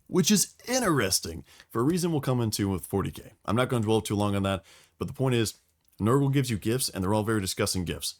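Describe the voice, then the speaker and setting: A man talks through lore on a casual podcast, swearing freely and acting out quotes as he tells the story. His voice sits a little low. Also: fast talker. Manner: profane, animated storytelling with acted quotes. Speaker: podcast host explaining lore.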